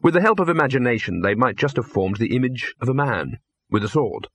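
A man narrating a comic fantasy audiobook in a measured, dry storytelling manner. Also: mid-range voice, sing-song, fairly bright tone, husky, dry recording.

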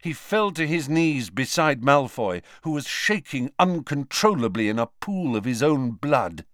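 Slow, dramatic male audiobook narrator. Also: medium pitch, sing-song, fairly bright tone, no room sound, clean studio sound. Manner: dramatic storytelling. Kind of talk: scripted narration.

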